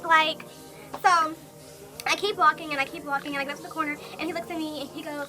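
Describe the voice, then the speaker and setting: A young woman vlogger telling a personal story in a casual, animated way, full of fillers and quoted thoughts. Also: high voice, over music. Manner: animated, talks fast with many fillers.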